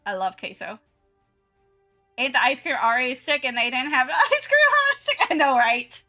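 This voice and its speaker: A giggly young woman chats loosely as she draws on stream, her voice bright and a little high. She restarts often, and faint music plays behind her. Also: very animated, brisk. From Southern United States. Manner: chatty and giggly, many restarts and fillers. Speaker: art streamer. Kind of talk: casual chat while drawing on stream.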